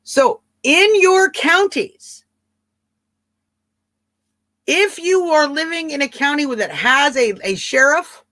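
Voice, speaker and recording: A woman's voice: high voice, animated, takes it slowly, long pauses, sharp tone, dry recording. A woman with a Southern twang hosting a live stream, chatting casually and answering viewers by name in an emphatic way. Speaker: livestream host.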